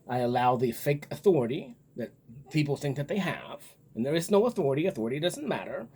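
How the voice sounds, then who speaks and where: A man's voice: on the high side, big pitch swings, a little fast, a little mellow, husky. A man talking in a casual, rambling monologue, blunt and profane as he muses aloud. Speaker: vlogger.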